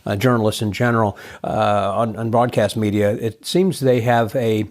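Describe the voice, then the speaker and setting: A man hosting a casual interview about magic. He talks haltingly, with many "uh" fillers and dry joking asides. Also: lowish voice, steady tone, darkish tone. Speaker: podcast host and magician.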